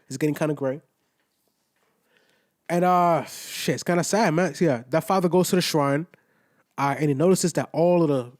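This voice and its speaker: A young man with a slightly high-set voice talks through an anime episode in a loose, slang-heavy ramble. He swears freely and drops conversational asides as he recaps the plot, casual and unscripted. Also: darkish tone. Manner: loose and slangy, heavy profanity, frequent "you know what I'm saying" asides. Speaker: anime reviewer.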